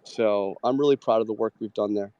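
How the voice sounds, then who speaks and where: A man hosting a live audio show, chatting casually about trading with many "like" fillers and quick agreeing murmurs. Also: lowish voice, a little mellow, highs cut off.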